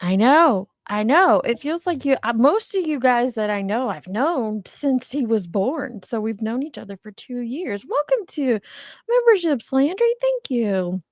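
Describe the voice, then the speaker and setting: A woman's voice: a little high, sing-song, a little slow, dry recording, studio quality. An older woman hosting a casual livestream, greeting viewers by name and laughing often in a chatty way. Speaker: livestream host. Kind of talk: casual live chat.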